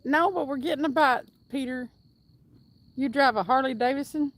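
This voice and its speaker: Woman, high-pitched, upbeat livestream host, chats and reads comments while fishing outdoors. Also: normal speed, no echo. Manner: upbeat and chatty, whoops now and then. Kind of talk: casual livestream chat, reading viewer comments aloud.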